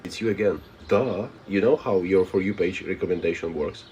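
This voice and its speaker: A man with a fairly low voice hosts a casual live stream. He reads viewer messages aloud and answers them bluntly, sounding unbothered. A faint hiss of background noise sits under his voice. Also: a little fast, darkish tone, lo-fi sound. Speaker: live streamer reading chat.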